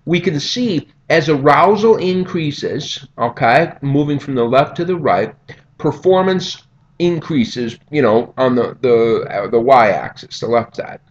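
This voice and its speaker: A man giving a recorded lecture over slides in a conversational way, often checking in with "okay?" and "right?". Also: a little high. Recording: dull lo-fi audio.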